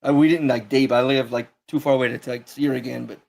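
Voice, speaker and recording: A man's voice: mid-range voice, fairly even intonation, fast, creaky, crowd noise. A man in a casual chat, telling stories with frequent restarts and swearing. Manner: rambling, swearing, many restarts.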